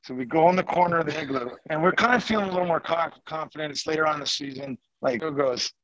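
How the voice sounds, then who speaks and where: A man with a fairly high voice tells a rambling, animated locker-room story, breaking into laughter now and then. The sound is dry and close, with little room around him. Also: quick pace, hardly any pauses, no room sound, rough recording. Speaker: guest storyteller, former hockey player. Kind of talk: animated anecdote telling.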